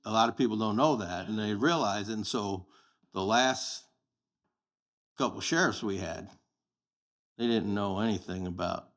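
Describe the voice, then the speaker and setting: Blunt, anecdotal man in his sixties; low-set voice, relaxed interview storytelling. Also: a little slow, long pauses. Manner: plain-spoken, anecdotal, blunt. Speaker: podcast guest, sheriff candidate.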